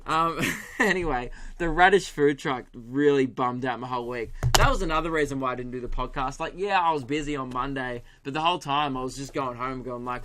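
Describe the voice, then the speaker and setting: A man's voice: mid-range voice, a little fast, few pauses, sharp tone. A young man hosting his own comedy podcast, ranting through a story with swearing, laughs and put-on voices. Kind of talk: solo comedy podcast rant.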